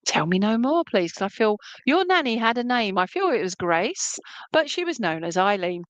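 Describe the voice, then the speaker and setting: A woman's voice: medium pitch, very animated, moderate pace. A woman working as a spiritualist medium, giving an online reading at home in a chatty, affectionate way with lots of fillers.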